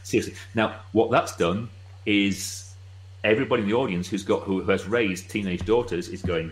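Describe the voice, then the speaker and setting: A middle-aged British man speaking as a guest expert, explaining with brisk, wry asides. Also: deep voice, poor audio. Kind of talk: casual explanatory chat.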